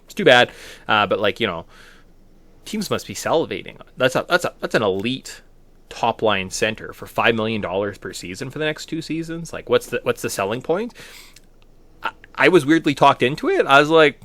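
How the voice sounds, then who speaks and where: A man's voice: mid-range voice, very animated, normal speed, fairly bright tone. A man from Canada co-hosting a casual sports podcast, tossing in playful jokes between his takes. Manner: joking, playful asides. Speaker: podcast co-host.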